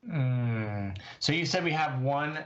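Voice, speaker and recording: A man's voice: medium pitch, expressive, slow, a bit bright. Guy at the game table rambling and backtracking, muffled audio. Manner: rambling, self-correcting. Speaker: player. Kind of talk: casual tabletop play. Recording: dull lo-fi sound.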